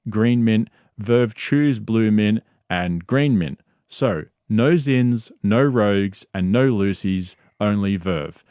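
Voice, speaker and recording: A man reads a scripted commentary video in a measured, explanatory tone. His voice sits a little low, and the sound is dry and close. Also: a little mellow, no echo. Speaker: online commentary narrator.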